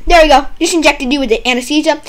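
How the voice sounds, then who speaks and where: A young woman playing a doctor in a game roleplay, silly and teasing, with sudden loud outbursts. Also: high-pitched, fast, noisy background. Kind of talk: playful game roleplay banter.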